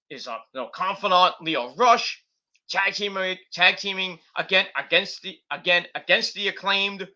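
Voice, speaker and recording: A man's voice: high-pitched, pushed and bright. A man giving a casual, rambling wrestling review monologue, full of fillers and restarts.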